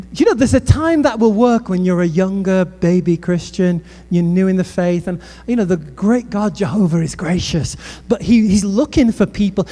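A British man preaching a sermon, telling funny stories and speaking straight to the crowd. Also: high-pitched. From Britain. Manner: lively storytelling with humor and asides to the crowd. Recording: long reverb of a large hall.

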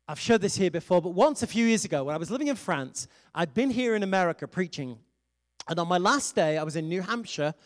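A middle-aged man, an evangelist and pastor, preaching a sermon and telling a personal story in a conversational way, laughing now and then. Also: fairly high pitch.

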